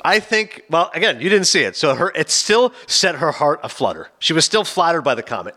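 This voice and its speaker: A man co-hosting a casual podcast chat, telling stories in an animated way. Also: on the high side. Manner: rapid, animated storytelling. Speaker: podcast co-host.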